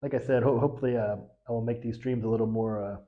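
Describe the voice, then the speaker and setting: A man's voice: medium pitch, steady tone, fast, narrow, tinny audio. A man from the United States hosting a casual livestream, chatting with viewers in a rambling way, full of fillers and restarts. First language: English. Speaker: livestream host.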